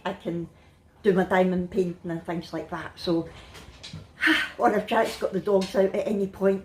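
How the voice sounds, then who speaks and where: A middle-aged woman with a Scottish accent chats in a family vlog from her bed at home. She sounds worn out but relaxed and laughs often. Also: mid-range voice, slight background noise. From Scotland. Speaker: family vlogger. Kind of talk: casual chatty vlog.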